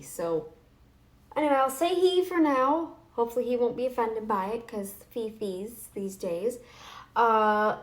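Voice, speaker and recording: A woman vlogging to camera in a casual, snarky, taunting way, rambling with restarts and fillers. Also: medium pitch. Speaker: YouTube vlogger. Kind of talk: casual talking-head vlog.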